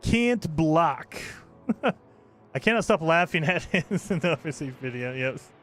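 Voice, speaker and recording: A man's voice: on the high side, animated, unhurried, fairly bright tone, soft background music. A man streaming a space survival game, chatting casually with his viewers and laughing often while he plays. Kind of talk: casual live game commentary.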